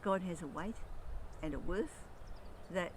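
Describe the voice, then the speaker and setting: A man's voice: sits high, measured pace. Earnest man preaching over background noise. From Australia. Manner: earnest, reads scripture aloud with rising emphasis. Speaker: lay preacher. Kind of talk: sermon. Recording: noisy background.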